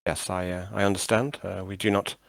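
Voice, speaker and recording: A man voicing a formal, flustered woman of a ship's crew who speaks stiffly and haltingly. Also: sits low, flat delivery, vocal fry, no echo.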